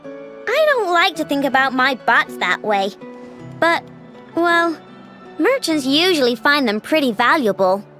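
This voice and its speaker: A very high, cheeky shop owner. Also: female voice, unhurried, heavily acted. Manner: lively, blunt, cheeky. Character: spirited young woman craft-shop owner. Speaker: game character. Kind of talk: video game voice acting. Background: music.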